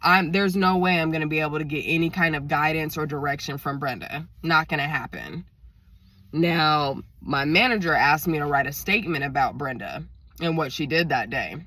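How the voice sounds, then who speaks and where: A woman's voice: low voice, fairly bright tone, no echo. Indignant woman telling a story to viewers. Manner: indignant, emphatic, addresses viewers directly. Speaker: vlogger.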